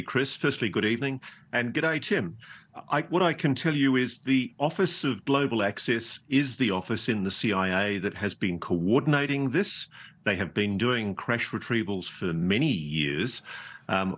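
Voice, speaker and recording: A man's voice: fairly low pitch, fairly bright tone. A man with an Australian accent, a journalist answering as a guest in a TV interview, assured and precise. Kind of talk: live TV interview.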